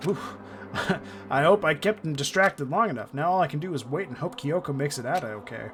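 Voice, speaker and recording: A man's voice: fairly high pitch, lively intonation, normal speed, a bit bright, slight background noise. A man streaming a video game, rambling casually and making crude, swearing jokes between lines. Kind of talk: casual gameplay commentary.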